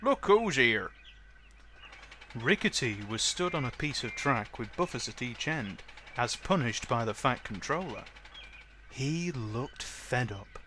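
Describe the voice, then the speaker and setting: A man narrating a children's train story in a lively storytelling way, doing every character himself. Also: medium pitch, measured pace, slight background noise. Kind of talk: storybook narration of a fan-made train tale. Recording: music playing under the voice.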